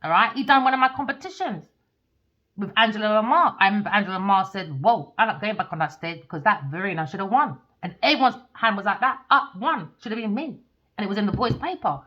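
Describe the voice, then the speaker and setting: A woman telling a blunt, swear-filled story as a podcast host, dropping to low mutters and rising to loud excited bursts. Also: fast talker. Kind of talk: casual storytelling rant. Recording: muffled lo-fi recording.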